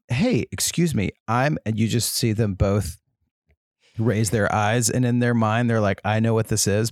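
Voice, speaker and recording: A man's voice: lowish voice, dry recording, clean studio sound. A man co-hosting a podcast, telling a long story in a casual, rambling way full of ums. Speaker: podcast co-host. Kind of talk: casual chat.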